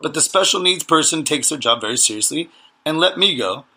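A man's voice: on the high side, animated, a little fast, pushed and bright, breathy edge. A man, co-hosting a casual podcast chat and telling crude, joking stories. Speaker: podcast co-host.

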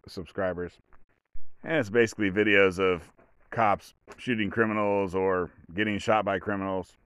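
Rambling low-voiced man. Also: clean tone, no echo, clean studio sound. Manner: rambling, self-interrupting storyteller. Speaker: podcast host. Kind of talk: solo casual podcast monologue.

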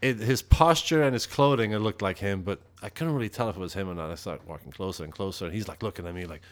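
A man from Europe, a metal musician, telling stories as a guest on a casual interview, swearing freely and acting out quoted lines. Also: fast. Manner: profane, laid-back, acts out quotes with rising pitch.

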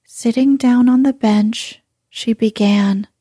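A woman narrating a bedtime story in a soft, hushed, unhurried voice. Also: fairly high pitch, fairly even intonation, dry recording, studio quality. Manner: slow, hushed, breathy delivery.

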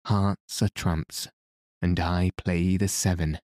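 A man reading the lines of a cool, mocking gentleman adventurer in an audiobook. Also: deep voice, little pitch movement, slow, no echo, clean studio sound.

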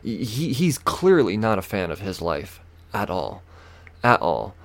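Profane, animated young man telling a story. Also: fairly low pitch, slow. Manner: animated, swearing, acts out quoted people in raised voices. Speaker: podcast host.

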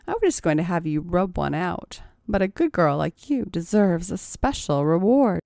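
A woman's voice: on the low side, big pitch swings, normal speed, creaky, mellow. A woman voicing a bossy young woman who teases and commands her partner. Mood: teasing. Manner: teasing, commanding. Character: bossy young woman, teasing dominant mistress.

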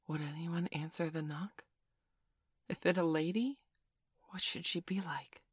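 A woman narrating a classic children's storybook in a gentle, measured way. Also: sits low, no echo, studio quality. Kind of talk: storybook reading.

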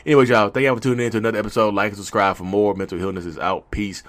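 A man talking straight to camera about saying no, animated and preachy, in slangy talk that keeps jumping into little acted-out skits. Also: fairly low pitch, very fast. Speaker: mental health vlogger. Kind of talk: casual direct-to-camera monologue.

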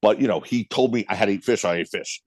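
A middle-aged man with a Brooklyn accent, a guest telling blunt, animated stories with some swearing in a casual interview. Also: on the low side, fast talker, no echo. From United States. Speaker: guest, club owner.

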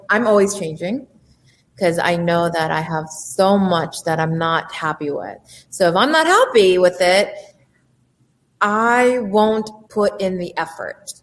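A woman speaking as a life coach and entrepreneur, giving an emphatic motivational talk and acting out the voices in people's heads. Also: mid-range voice. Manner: animated, emphatic, acts out inner voices.

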